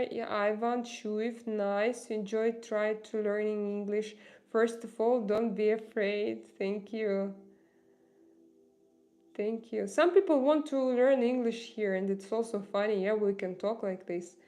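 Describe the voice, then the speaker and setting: Chatting casually with viewers on her livestream, a non-native English speaker with a Russian accent frequently pauses and restarts while searching for words. She has a fairly high, warm voice.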